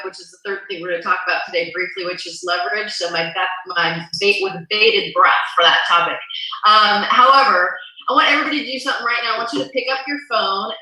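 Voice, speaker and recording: Bright upbeat woman, very echoey. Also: medium pitch. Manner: upbeat, instructive, walks listeners through steps. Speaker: real estate coach. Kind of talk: live town hall talk. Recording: very echoey room.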